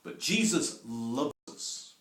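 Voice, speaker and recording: A man preaching a sermon, telling homely stories with asides and gentle self-deprecating humour. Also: medium pitch, very animated, takes it slowly, roomy sound.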